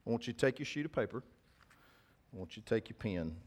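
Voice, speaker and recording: A man's voice: on the low side, animated, quick pace. Middle-aged man, folksy pastor addressing his flock in a sermon. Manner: folksy, talks to congregation directly. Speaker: preacher.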